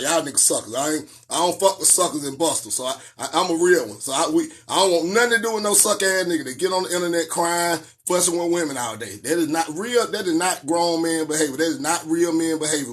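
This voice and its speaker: Animated preachy man ranting on a live stream. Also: a little high, quick pace, hardly any pauses. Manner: animated, preachy, profane, sing-song outbursts.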